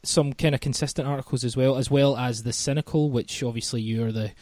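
A man's voice: mid-range voice, fairly even intonation, a little fast, a little mellow, no echo. Male podcast host, chatty and self-deprecating, dry close sound. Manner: chatty, self-deprecating, many ums and restarts. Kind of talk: casual podcast chat.

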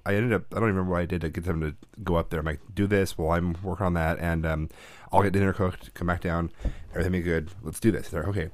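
A man's voice: sits low, dry recording. A man in his thirties, a father and podcast co-host, telling a family story in casual chat and acting out the quotes. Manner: animated storyteller, acts out quotes.

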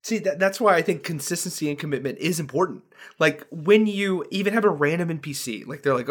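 A young man co-hosting a casual podcast chat, animated and laughing as he drops into silly character voices. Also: on the high side, a little fast. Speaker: podcast co-host, dungeon master.

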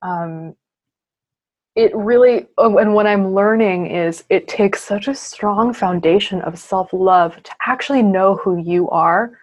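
A woman's voice: medium pitch, slow, darkish tone. A woman guest on a podcast, speaking in an earnest, reflective way, often saying "you know" and "I mean". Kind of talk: casual conversational interview.

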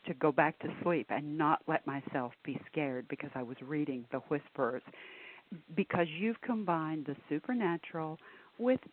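A woman hosting a radio interview, enthusiastic and quick to laugh. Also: low-pitched, a little hiss or hum. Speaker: radio host. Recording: tinny phone-like sound.

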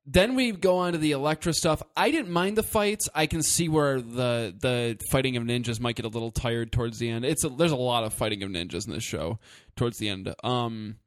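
A man co-hosting a casual podcast, chatty, acting out quick asides when he makes a point. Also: medium pitch, no echo. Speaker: podcast co-host.

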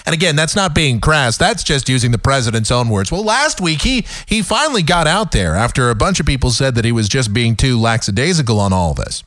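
A man's voice: mid-range voice, sing-song, fairly quick, few pauses, fairly bright tone, no room sound, clean studio sound. A man hosting a talk radio show, ranting sarcastically in an opinionated monologue. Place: radio studio.

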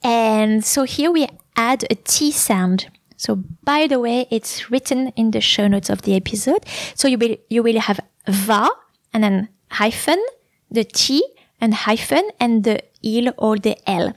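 A woman explaining grammar on her podcast, talking thoughtfully with many pauses and restarts. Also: on the high side, no room sound, clean studio sound. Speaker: French language podcast host.

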